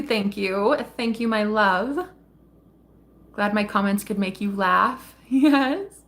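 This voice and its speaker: A woman hosting a tarot live stream and chatting casually with her viewers. She is affectionate and quick to laugh, calls people sweetheart and honey, and swears freely. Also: mid-range voice, fairly bright tone.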